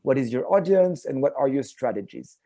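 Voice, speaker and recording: Male moderator for a video-call panel, halting delivery with constant fillers, warm tone, dry close sound. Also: mid-range voice, animated, dry recording. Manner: hesitant, many filler sounds.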